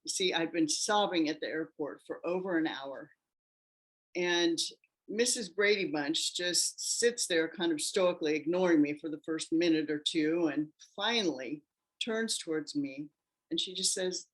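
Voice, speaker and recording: A woman interview guest recounts her own story with animated delivery. She slips into the voices of the people she quotes, and her speaking voice sits a little on the low side. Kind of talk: personal storytelling.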